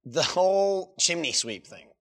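In a fairly high, raised voice, this man speaks unhurriedly while co-hosting a casual podcast. He tells stories with animation, acting out other people's quotes.

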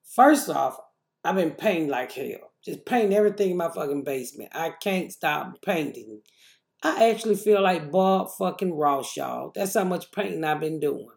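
A middle-aged woman hosting her podcast, telling a story in a profane, animated way with loud outbursts when she quotes herself. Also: low voice, moderate pace, creaky, echoey room. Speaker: podcast host. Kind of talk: casual storytelling monologue.

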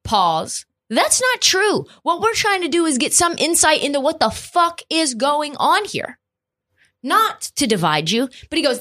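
A woman hosting a podcast, chatty and animated, with frequent "like" and casual swearing. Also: sits high, measured pace. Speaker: podcast host. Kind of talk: casual commentary.

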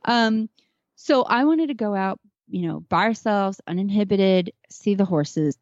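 A woman's voice: mid-range voice, expressive, normal speed, darkish tone, dry recording, lo-fi sound. A woman talking casually as a podcast guest, earnest and chatty about horses she trains. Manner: earnest, chatty, tearing up at moments.

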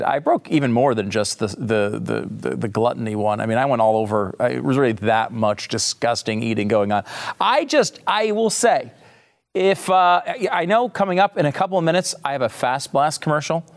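A man hosting a sarcastic political comedy monologue, mock-serious and deadpan, jumping up into a high voice for the jokes. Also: gravelly. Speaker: host.

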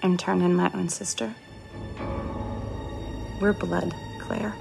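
An actress playing a cold, scheming woman who confronts her sister with calm menace in a film drama. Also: fairly low pitch, slow, vocal fry, soft background music, full character voice. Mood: coldly menacing.

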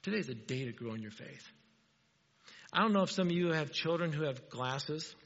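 Husky-voiced pastor in an echoing hall. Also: male voice, a little high, lively intonation, moderate pace, a bit bright. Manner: conversational, asks the congregation questions, joking. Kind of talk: sermon. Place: church sanctuary. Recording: dull, reverberant church hall.

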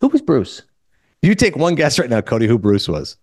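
A man hosting a podcast, telling a story in casual chat and quoting others in quick asides. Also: medium pitch, wildly swooping pitch, darkish tone, breathy edge, no echo, studio quality. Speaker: podcast host.

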